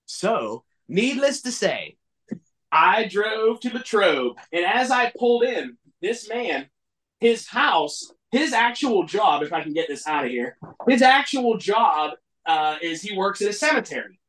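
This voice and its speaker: Animated storytelling man from Pennsylvania. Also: unhurried. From southwestern Pennsylvania. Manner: animated, acts out dialogue with big swings in pitch. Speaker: podcast guest, toy collector. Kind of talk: casual storytelling.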